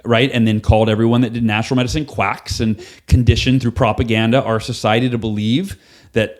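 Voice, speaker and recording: Man, podcast guest, animated storyteller, mid-pitched voice, acts out dialogue. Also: a little fast. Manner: animated, acts out quoted dialogue, casual swearing. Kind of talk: storytelling in a conversational interview.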